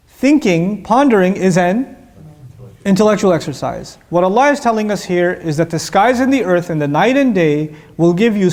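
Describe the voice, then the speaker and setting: A man giving a lecture on Quran verses, telling stories with energy and putting questions to his listeners. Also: high-pitched. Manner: animated storytelling, asks the audience questions. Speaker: Islamic teacher.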